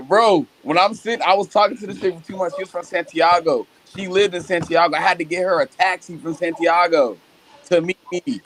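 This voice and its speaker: A man's voice: high voice, brisk, fairly bright tone. A man telling a casual story in a podcast, protesting and laughing along. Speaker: podcast co-host.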